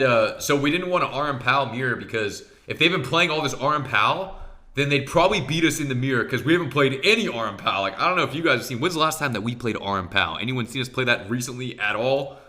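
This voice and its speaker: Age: adult. Sex: man. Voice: bright, forceful. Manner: excitable, profane. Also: medium pitch. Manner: excitable and profane, talks straight to viewers. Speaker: professional arena player reviewing his match. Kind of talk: casual gameplay commentary.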